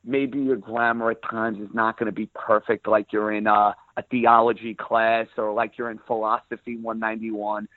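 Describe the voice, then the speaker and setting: A man's voice: lowish voice, level tone, moderate pace, hardly any pauses, no room sound. New York-accented sports radio man. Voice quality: rough around the edges voice. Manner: emphatic, plain-spoken. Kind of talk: interview guest, casual talk. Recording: phone line.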